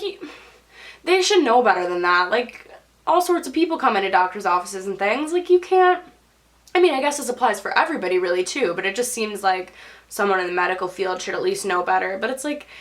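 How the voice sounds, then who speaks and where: Young woman vlogger, slightly high voice, chatty storytime delivery, heavy "like" filler. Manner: chatty, lots of "like", quotes people in put-on voices. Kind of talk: storytime vlog.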